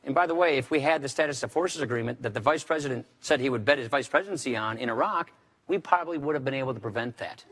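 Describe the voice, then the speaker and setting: A man's voice: medium pitch, fast talker, fairly bright tone. A man, a congressman, speaking in a formal political debate, firm and repeating key phrases for emphasis. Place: debate stage.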